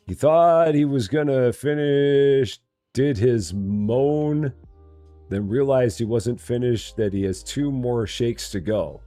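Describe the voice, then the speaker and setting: A man's voice: mid-range voice, animated, slow pace, pauses often, dark tone, dry recording, faint music behind. A man casually commenting as he plays a store-building game on a live stream, chatting to viewers and joking to himself. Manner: chatty, talks to himself and chat, jokey mock voices. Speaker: streamer playing a store simulator.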